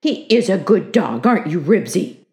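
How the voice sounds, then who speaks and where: A woman's voice: medium pitch, expressive, normal speed, a little mellow, lightly acted. A woman voicing a polite schoolboy who talks in a plain, slightly glum way. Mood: friendly. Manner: plain and reasonable, a little glum. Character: polite, good-natured schoolboy with his dog.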